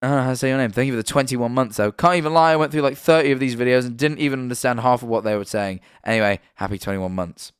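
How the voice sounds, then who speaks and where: A young British man rambles through a casual live-stream chat in a medium-pitched voice and stops often to correct himself. His voice sounds dry and close, with no room around it. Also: racing, hardly any pauses, smooth, no echo. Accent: British English. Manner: rambling, self-correcting, chatty.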